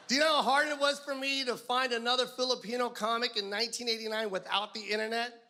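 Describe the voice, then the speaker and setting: A male stand-up comedian telling stories with animated, profane delivery, shouting his punchlines on stage. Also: extremely high pitch. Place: comedy stage before a live audience. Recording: live stage mic with audience and room noise.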